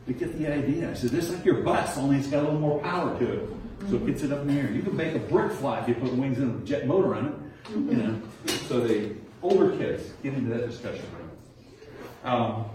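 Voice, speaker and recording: A man's voice: mid-range voice, a little mellow, far from the mic, a little hiss or hum. Chatty man teaching from across an echoey room. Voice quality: chatty, acts out kids' answers with rising tones. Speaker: nature center docent training teachers. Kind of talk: informal talk to a small group. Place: indoor room with a nature diorama.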